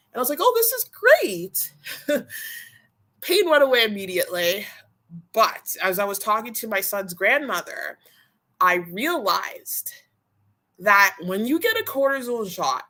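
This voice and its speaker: A young adult woman rambles candidly through a casual live-stream catch-up. Her voice is bright and forward, and she sounds slightly out of breath, pausing for breath as she goes. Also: mid-range voice. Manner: chatty, rambling, candid about health. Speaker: vlogger.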